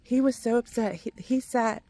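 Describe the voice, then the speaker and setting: A woman's voice: on the high side, steady tone, moderate pace, dark tone, a little hiss or hum. A middle-aged woman with a Kentucky accent, out of breath as she chats casually with viewers while walking laps outdoors. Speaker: vlogger. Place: outdoors, walking around a neighborhood.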